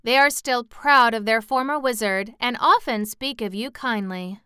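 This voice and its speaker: A woman's voice: fairly high pitch, moderate pace, pushed and bright, smooth, no room sound, clean studio sound, pitched above the performer's own voice. A woman voicing a cheerful, confident little girl in an audiobook, speaking eagerly and reassuringly.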